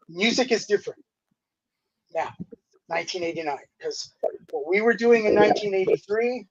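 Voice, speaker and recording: High-voiced laid-back older man. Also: normal speed, long pauses, husky, no echo. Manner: animated, laid-back, uses dude and you know a lot. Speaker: guest musician. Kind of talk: casual interview storytelling. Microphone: remote streaming call. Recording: dull, slightly lo-fi dry audio.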